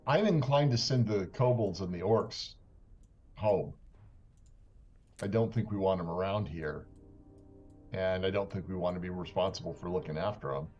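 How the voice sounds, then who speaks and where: A man playing a tabletop game, speaking in a gruff put-on character accent. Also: deep voice, normal speed, long pauses, a little mellow, dull audio, faint music behind. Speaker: player. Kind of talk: tabletop role-play.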